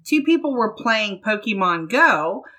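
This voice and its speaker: A woman's voice: medium pitch, big pitch swings, unhurried, sharp tone. A woman from Ohio co-hosting a casual podcast, reading a news article aloud and laughing often. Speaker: podcast co-host.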